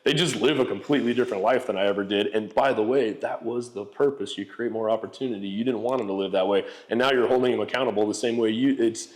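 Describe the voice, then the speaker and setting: A man's voice: fairly low pitch, quick pace, few pauses. A man in his forties, a podcast guest telling candid stories in a casual, profane way, full of fillers like "like" and "you know". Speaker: real estate entrepreneur guest.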